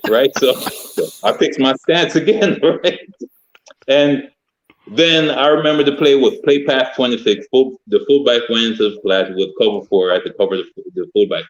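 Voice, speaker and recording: Animated man telling a locker-room story. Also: medium pitch, lo-fi sound. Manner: animated storyteller, acts out his coach's yelling. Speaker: podcast guest, former football player. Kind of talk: casual storytelling.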